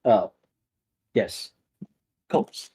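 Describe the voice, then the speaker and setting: A man narrating a tabletop role-playing game as game master, relaxed and full of fillers. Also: very slow, low-quality recording.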